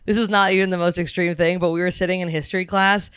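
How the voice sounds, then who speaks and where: A young woman telling stories in casual chat, rambling with lots of fillers and slipping into quick put-on voices. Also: on the low side, fairly even intonation, a bit bright, clear, resonant tone.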